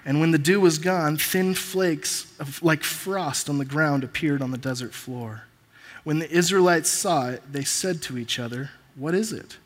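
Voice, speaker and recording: Male pastor, slightly high voice, preaching and reading scripture in a church with long hall reverb. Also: measured pace.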